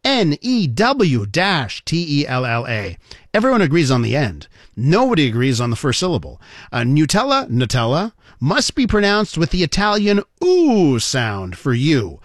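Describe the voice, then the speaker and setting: A man hosting a radio talk show, telling a story in a playful, animated way and talking straight to his listeners. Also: fairly high pitch, normal speed, dry recording, studio quality. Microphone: studio mic.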